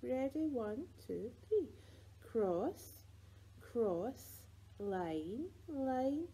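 A woman with a Scottish accent leading rhymes and songs for babies in a library, sing-song and playful with soft whispered asides. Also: a little high, big pitch swings, extremely slow, breathy edge, poor audio. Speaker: children's librarian.

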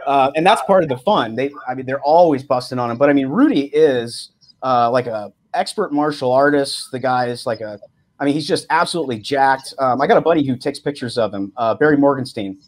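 A man's voice: mid-range voice, brisk. A man hosting a casual podcast, enthusiastic and stumbling over his restarts. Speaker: podcast host.

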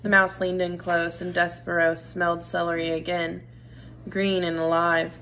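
A woman reading a children's novel aloud in an expressive, animated way. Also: on the low side, moderate pace, a little hiss or hum, rough recording. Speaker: storybook reader.

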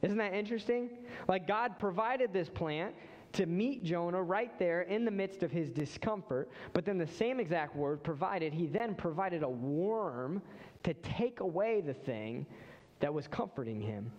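A man preaching a sermon as pastor, animated storytelling that acts out the figures, in a church. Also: high-pitched, unhurried, big-room sound, lo-fi sound. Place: church sanctuary.

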